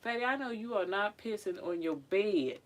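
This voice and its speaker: A woman's voice: mid-range voice, normal speed. A woman, chatting casually and animatedly as she goes through old things in her tiny home on wheels. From Philadelphia. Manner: chatty, animated, breaks into singing snippets. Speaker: vlogger. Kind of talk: casual chat.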